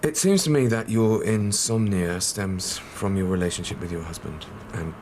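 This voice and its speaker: An actor playing a doctor who asks measured, probing questions of a patient in a television drama. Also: male voice, sits low, a little mellow, a little hiss or hum, natural voice. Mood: calm. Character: calm GP hearing out a patient.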